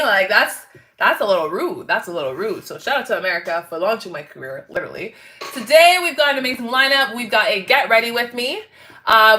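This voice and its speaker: A woman's voice: high voice, sharp tone. A woman from Canada, hosting a casual livestream chat with viewers in a bubbly, chatty way and laughing often. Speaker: host.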